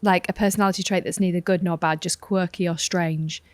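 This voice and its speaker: A woman's voice: fairly low pitch, steady tone, brisk, no echo. A woman from Yorkshire co-hosting a podcast, chatting casually and acting out family conversations. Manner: chatty, acts out family dialogue. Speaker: podcast co-host. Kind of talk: casual chat.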